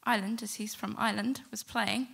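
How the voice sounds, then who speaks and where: A middle-aged woman telling a personal story to a live audience, animated and acting out the quotes. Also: medium pitch, a little fast, vocal fry, slightly rough. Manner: lively, animated retelling with acted-out quotes. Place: stage before a live audience.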